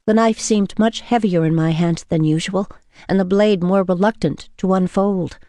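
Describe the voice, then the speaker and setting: A woman reading a novel in first person as an audiobook narrator, measured and intimate. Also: lowish voice, a little mellow, dry recording, studio quality.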